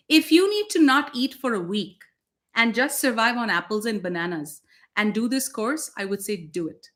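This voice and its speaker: A woman's voice: fairly high pitch, lively intonation, moderate pace, fairly bright tone. A woman spiritual teacher co-hosting a casual talk, emphatic and blunt, swearing freely.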